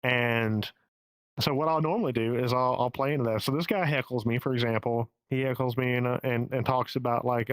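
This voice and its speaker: A man's voice: mid-range voice, a little fast, no echo, low-quality recording. Candid Southern man with a dry sound. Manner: candid and profane, with frequent restarts. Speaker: stand-up comedian guest. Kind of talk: casual podcast interview. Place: home in the Pacific Northwest.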